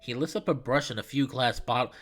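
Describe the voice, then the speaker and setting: A man streaming live, reading a visual novel aloud and chatting in an excitable, rambling way. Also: mid-range voice, fast, soft background music.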